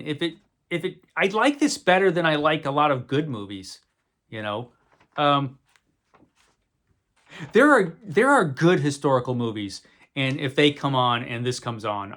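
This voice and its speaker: A man talking to camera about old movies in a loose, unscripted way. He wanders, restarts sentences and drops dry, wry asides. His voice sits at an ordinary middle pitch. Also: fairly bright tone. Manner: rambling, wry, self-correcting. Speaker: video host reviewing movies. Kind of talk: casual unscripted talk to camera.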